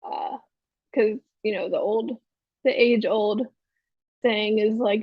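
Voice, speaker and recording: A woman's voice: medium pitch, fairly even intonation, measured pace, slightly rough, dry recording, lo-fi sound. A woman co-hosting a podcast, recapping a TV episode in a rambling, chatty way full of fillers. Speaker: podcast co-host. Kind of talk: casual chat recapping a TV episode.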